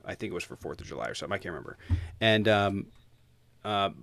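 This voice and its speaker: A man's voice: deep voice, lively intonation, quick pace, creaky, fairly bright tone. A man hosting his own livestream, ranting bluntly and swearing freely in casual talk. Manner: blunt, profane, heated. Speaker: streamer host.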